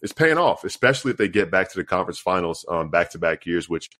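A man's voice: low-pitched, fast, sharp tone. A man co-hosting a sports podcast, chatting casually and playfully quizzing his partner. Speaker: podcast co-host.

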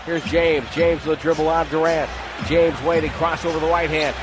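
A man calling live basketball play-by-play in rapid clipped phrases, rising to shouts on big plays. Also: on the high side, flat delivery. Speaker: play-by-play announcer. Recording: broadcast with arena noise behind. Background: arena crowd and ball bounces.

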